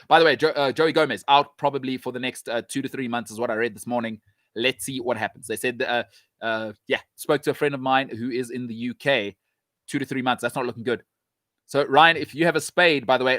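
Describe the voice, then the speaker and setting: A man's voice: medium pitch, fairly bright tone, no echo, clean studio sound. A man hosting a show, talking football in an emphatic, sarcastic way and hammering his points home with repetition. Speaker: show host. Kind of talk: opinionated football talk.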